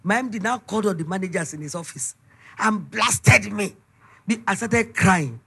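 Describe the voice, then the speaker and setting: A middle-aged woman with a Nigerian accent, giving an emphatic, animated preaching testimony. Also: medium pitch, normal speed, gravelly, breathy edge. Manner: storytelling, emphatic, animated retelling.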